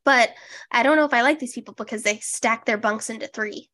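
A woman's voice: a little high, a little fast, pushed and bright. A young woman co-hosting a podcast in casual chat, wry and sarcastic, swearing casually. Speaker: podcast co-host.

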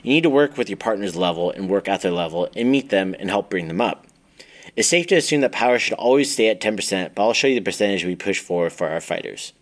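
A man with a fairly low voice reads his own fight-training book aloud. He moves steadily through lists of drills and equipment in an instructional tone. Now and then he trips over a word and restarts. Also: fast talker. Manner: steady instructional reading, listing drills item by item; occasional stumbles and restarts. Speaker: Muay Thai coach reading his own book.

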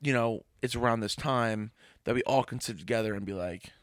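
A young man talking casually as a podcast co-host, rambling and swearing freely. His voice sits in a middle register and is recorded close and dry, with no room sound. He gets animated as he talks things through. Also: medium pitch, fairly quick, no echo. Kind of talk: casual chat.

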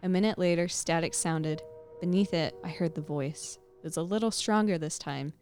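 A woman podcast host reading a creepy story aloud with expressive, suspenseful storytelling. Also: lowish voice, moderate pace, soft background music.

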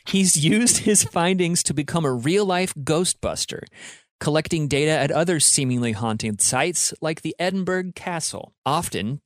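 A man's voice: on the high side, dry recording, clean studio sound. A young man co-hosting a casual podcast, telling stories with playful drama. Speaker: podcast co-host. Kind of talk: casual chat and storytelling.

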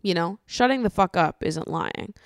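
A woman hosting a solo podcast, chatting casually with lots of swearing, laughter and animated ranting. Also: on the low side, moderate pace, no room sound, clean studio sound. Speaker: podcast host.

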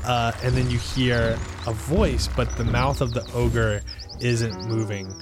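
Halting game master man. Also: mid-range voice, music in the background. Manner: relaxed, hesitant with many fillers. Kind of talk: narrating a tabletop game.

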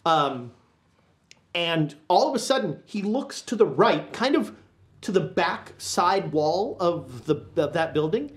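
A woman as game master, narrating a tabletop horror game in a relaxed, rambling way with many fillers. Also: on the low side, slow. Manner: relaxed, filler-heavy storytelling.

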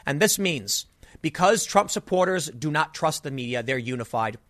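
A man delivers solo political commentary in an exasperated, ranting way, stumbling over restarts as his frustration spills out. His voice sits a little high for a man. It is recorded close and dry, with no room sound at all. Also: animated, normal speed, fairly bright tone, no echo.

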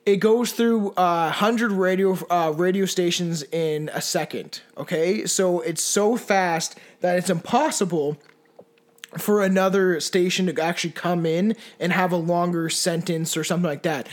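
Man, high voice, podcast co-host, casual rambling chat, lots of fillers. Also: fairly even intonation, a little slow. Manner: rambling, swearing, full of fillers and restarts.

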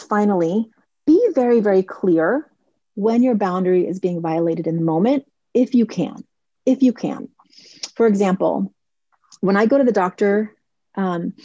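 A woman's voice: medium pitch, dark tone, husky, dry recording, lo-fi sound. A woman in her forties hosting a podcast, chatting casually and telling stories while acting out other people's lines. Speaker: podcast host. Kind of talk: casual advice talk.

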